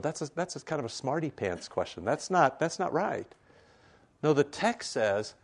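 Chatty, animated male preacher. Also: mid-range voice, moderate pace. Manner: conversational and animated, full of asides and tag questions. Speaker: pastor. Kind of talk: sermon. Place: church sanctuary.

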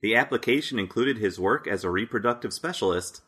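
A man hosts a casual quiz segment on a podcast. His voice sits a little low, and he reads out answers in a playful, easygoing way, often breaking into laughter. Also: fairly quick, pushed and bright, husky. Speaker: podcast host running a quiz. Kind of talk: casual comedic chat.

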